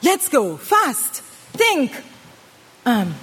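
A woman delivers a sermon in a high, animated voice, acting out a story with dramatic swings between loud outbursts and hushed asides. Her words ring out with a long reverb, as in a church hall. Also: unhurried. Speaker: preacher. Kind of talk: sermon with acted-out anecdote.

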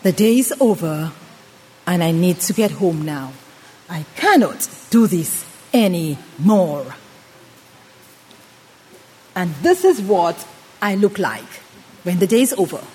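A woman preaching a sermon with an acted-out story, dramatic, swinging between loud and hushed delivery. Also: lowish voice, very animated, slow pace, pauses often, breathy edge. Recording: long reverb of a hall.

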